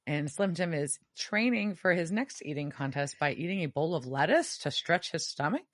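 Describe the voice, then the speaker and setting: Animated low-voiced woman podcast host. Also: normal speed, no echo. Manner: animated, swears freely, emphatic outbursts. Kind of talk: casual chat recapping a TV episode.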